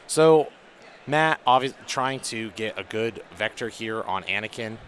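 A man's voice: fairly low pitch, lively intonation, measured pace, a bit bright, slight background noise. Man breaking down a tabletop match. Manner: analytical, explains rules in detail. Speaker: match commentator. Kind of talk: casual game commentary.

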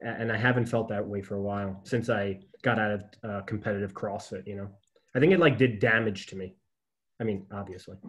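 Speaking fairly quickly in a fairly low register, this man hosts a podcast. His casual talk is full of stories and frequent laughter, and his manner stays chatty throughout.

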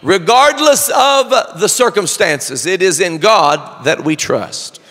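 A male pastor preaching a sermon, slow and drawn out, building to shouted fervor, recorded in a church sanctuary. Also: high voice, expressive, in a large hall.

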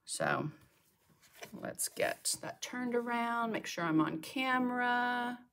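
A woman's voice: fairly high pitch, animated, slow pace, a bit bright. A middle-aged woman teaching a live painting tutorial, chatty and talking to herself as she works. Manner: chatty, talks to herself while working. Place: home art studio.

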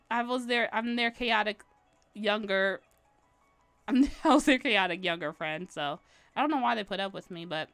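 Woman, slightly high pitch, chatty, rambling, laughing often, casual livestream talk. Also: a bit bright, smooth. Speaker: livestreaming artist. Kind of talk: casual chat while drawing.

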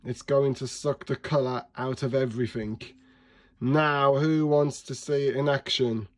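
A man's voice: mid-range voice, fairly even intonation, measured pace, lightly acted. A gleeful little pea villain from a children's storybook, as a man puts him on, sneering and hissing his lines. He cackles as he gloats, all spite and mischief. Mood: gloating.

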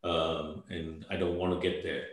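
A man's voice: low voice, level tone, moderate pace. Older man in a very echoey room. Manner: hesitant, repeats words, ends points with "right?". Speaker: panelist. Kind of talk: webinar panel discussion.

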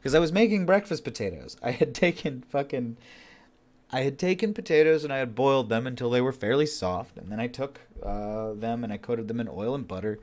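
A man's voice: mid-range voice, lively intonation, brisk, a little mellow. A man chatting casually on his livestream, rambling, swearing and laughing easily. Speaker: streamer editing his writing.

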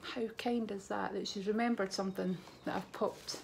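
A woman's voice: medium pitch, fairly even intonation, normal speed, creaky, slight background noise. A Scottish woman vlogging from home, chatting to camera in an effusive, storytelling way. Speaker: beauty vlogger. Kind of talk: casual chat to camera.

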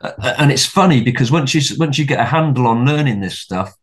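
A man's voice: mid-range voice, lively intonation, a little fast. A middle-aged man, a podcast guest, telling a story in casual conversation, rambling with many restarts and repeated words and swearing freely.

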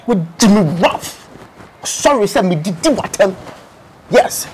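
Brief: man as a boastful fake pastor, high voice that leaps around, noisy recording. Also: expressive, takes it slowly. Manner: shouty, babbles mock tongues. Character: boastful, greedy self-styled male pastor. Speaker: comic pastor. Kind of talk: sketch comedy.

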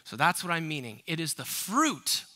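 A man's voice: a little high, sing-song, moderate pace, sharp tone. A man preaching a sermon as a pastor, emphatic and conversational, asking the congregation rhetorical questions. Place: church sanctuary.

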